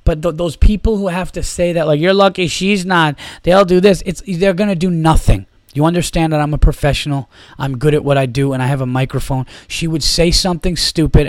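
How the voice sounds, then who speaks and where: A man's voice: a little high, a little mellow, dry recording, clean studio sound. A man hosting his own comedy podcast, ranting and swearing heavily with lots of fillers. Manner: rambling, heavy swearing, fillers. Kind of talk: profane solo podcast rant.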